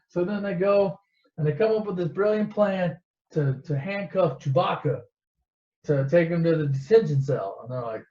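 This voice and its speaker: A man casually retelling a movie with lots of swearing and rambling asides, jumping into squeaky voices for the characters. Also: moderate pace, a little mellow. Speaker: comedic movie retelling host. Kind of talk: casual profane storytelling. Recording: echoey, dull lo-fi room.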